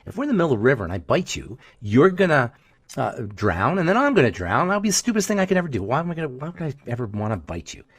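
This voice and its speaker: A man's voice: mid-range voice, wildly swooping pitch, racing, no room sound. A man voicing a scheming male scorpion in a spoken fable, talking in a coaxing, reasonable way.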